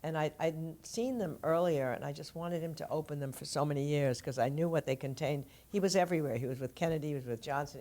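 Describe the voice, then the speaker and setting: An older woman with a rumbling low voice and a darkish tone is interviewed as an author. She tells stories fluently in conversation and laughs easily.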